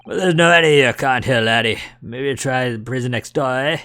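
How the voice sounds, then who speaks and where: A man's voice: medium pitch, normal speed, a bit bright, lightly acted. A man voicing a surly, dismissive male prison governor while reading a game aloud. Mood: brusque. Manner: gruff, dismissive.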